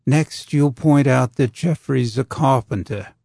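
A man's voice: mid-range voice, unhurried, gravelly, mellow, dry recording, studio quality. A man doing a curt, wry senior astronomer. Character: sharp, dry-witted senior male astronomer.

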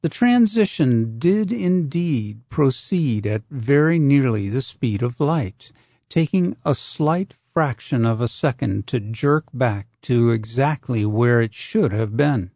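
Slow, measured male narrator. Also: mid-range voice, lively intonation, mellow, dry recording, studio quality. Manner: measured, deliberate. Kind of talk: audiobook narration.

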